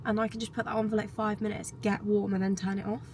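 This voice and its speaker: A woman's voice: mid-range voice, flat delivery, fast talker, a little mellow, slight background noise. A young woman chatting casually to camera in a rambling vlog, her talk full of "like" fillers. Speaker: vlogger and fitness coach.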